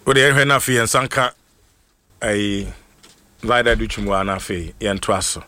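A man with a Ghanaian accent hosting a radio show, reading out shout-outs in a playful, excitable way. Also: on the low side, normal speed, no echo. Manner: excitable, playful, jokes and laughs between names. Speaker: radio host.

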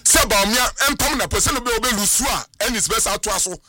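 Male radio guest, high-pitched, dry close sound, emphatic and sing-song. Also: fast, sharp tone, no room sound, faint music behind. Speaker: studio guest giving prophecies. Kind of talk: radio talk show discussion.

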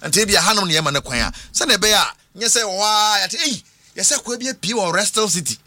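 A man's voice: sits high, fast talker, no room sound. A man hosting a casual sports chat, switching between English and Twi. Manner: lively, mixing English and Twi. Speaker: radio sports host.

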